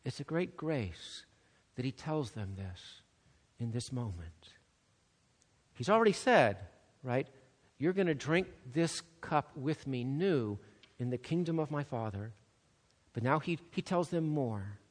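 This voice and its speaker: A man preaching a sermon, swinging between loud, urgent emphasis and hushed, soft passages. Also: medium pitch, big pitch swings, a little slow. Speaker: pastor. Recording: long reverb of a large hall.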